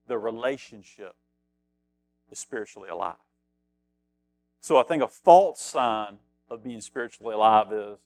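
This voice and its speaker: A man's voice: medium pitch, moderate pace, no echo, faint music behind. Man preaching in a dry room. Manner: conversational preaching, reads scripture aloud, repeats phrases for emphasis. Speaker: pastor. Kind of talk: sermon.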